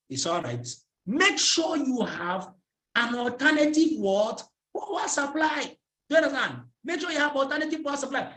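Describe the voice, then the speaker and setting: A man's voice: high voice, fairly bright tone, roomy sound. A man with a Nigerian English accent giving a motivational training talk as a network marketing trainer. He keeps asking his listeners questions and has them fill in his sentences. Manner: drills the audience with repeated questions and fill-in-the-blank prompts.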